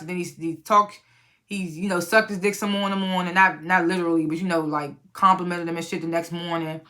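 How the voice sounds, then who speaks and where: A woman's voice: mid-range voice, pushed and bright. Blunt, profane woman recapping a TV episode. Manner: blunt and profane, retells scenes by acting out characters' lines. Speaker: TV review channel host. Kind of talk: casual spoken episode recap and review.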